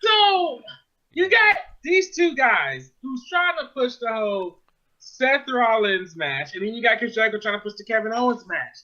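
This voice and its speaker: Guy with a high bright voice ranting, swearing a lot, casual chat, kinda muffled audio. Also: sing-song, moderate pace. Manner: profane, exasperated ranting. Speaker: wrestling show reviewer.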